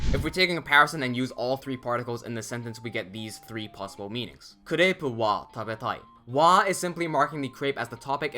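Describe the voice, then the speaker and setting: A man narrating a scripted language lesson, speaking in a measured, deliberate way and stressing key words, with faint music behind. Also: mid-range voice, pushed and bright. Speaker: language teacher.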